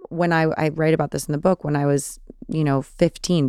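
Chatty Californian woman with vocal fry. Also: low voice, level tone, moderate pace, darkish tone, dry recording, clean studio sound. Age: 30s. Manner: chatty, many fillers and restarts. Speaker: podcast host. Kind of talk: casual solo Q&A.

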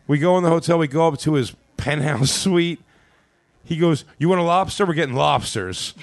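A man, a comedian guest on a podcast, telling a funny anecdote with laughs and quoted voices. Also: mid-range voice. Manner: animated anecdote with laughs, quoting people in voices. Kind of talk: podcast storytelling.

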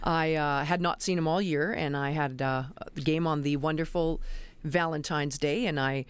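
A middle-aged woman, a college basketball referee, telling lively stories in an interview. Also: sits low, normal speed, clean tone, dry recording. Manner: animated, emphatic storyteller. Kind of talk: interview storytelling.

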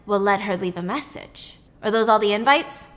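A woman's voice: medium pitch, normal speed, lightly acted. A woman voicing a cold, condescending rich middle-aged man who curtly dismisses everything. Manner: curt, dismissive.

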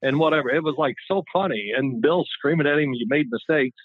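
A man's voice: a little high, fairly quick, no echo. A man in his sixties, a former quarterback and guest, telling rambling, chatty stories in a casual interview. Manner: rambling, chatty, with frequent restarts. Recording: tinny phone-like line, dry.

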